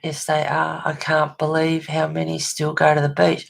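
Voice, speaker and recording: Australian woman, low voice, blunt and ranting, swears freely, casual livestream chat. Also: completely flat delivery, normal speed, vocal fry, hardly any pauses. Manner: reacts to chat messages with laughs. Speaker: colouring livestream host. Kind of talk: casual chat while colouring.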